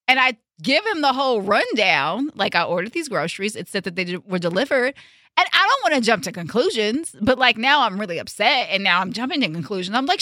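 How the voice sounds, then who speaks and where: Woman, animated storytelling, lively pitch, bright tone, dry close sound. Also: brisk, no echo. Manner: animated, emphatic, acts out quotes. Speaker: host. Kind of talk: storytime vlog, casual chat.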